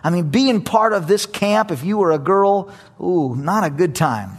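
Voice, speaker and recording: A man preaching a sermon, telling a story with animated energy and repeating phrases for emphasis. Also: sits high, a little slow, slightly rough.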